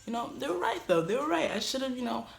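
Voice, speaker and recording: A young woman vlogger telling a casual story in a dorm room, animated, swinging from loud outbursts to muttered asides. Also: a little high, quick pace, gravelly, soft background music.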